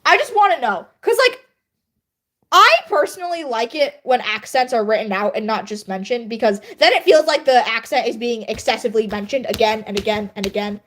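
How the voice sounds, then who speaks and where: A woman's voice: a little high, expressive, fairly quick, a bit bright. A young woman livestreaming, chatting casually and laughing at herself while editing her writing. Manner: self-deprecating, chatty, laughs often. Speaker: livestreamer and writer.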